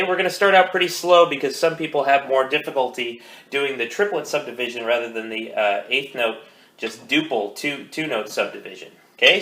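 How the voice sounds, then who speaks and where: Bright-voiced man teaching drum rudiments. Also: mid-range voice. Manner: counts beats aloud, calm coaching. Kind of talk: instructional rudiment lesson. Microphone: phone. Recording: echoey room with faint noise.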